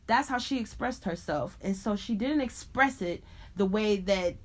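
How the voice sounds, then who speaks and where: A woman from Chicago in her thirties, a podcast guest telling stories in a lively, expressive way, acting out quotes and laughing often. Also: mid-range voice, moderate pace. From Chicago, USA. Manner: animated, expressive storyteller who laughs often and acts out quotes. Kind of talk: casual storytelling interview.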